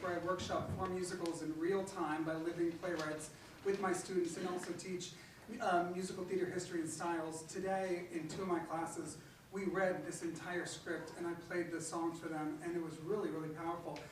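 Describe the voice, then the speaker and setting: A man's voice: high voice, steady tone, fairly quick. A man who teaches theater, talking casually and rambling, often repeating himself. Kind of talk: casual chat. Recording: echoey distant noisy room mic.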